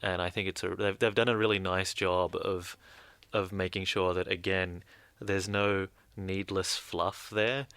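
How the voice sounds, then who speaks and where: A man's voice: deep voice, flat delivery, measured pace, a bit bright, smooth, no room sound. A man co-hosting a radio podcast in a studio, reviewing a game in casual, emphatic chat. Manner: emphatic, repeats words for effect. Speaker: podcast co-host.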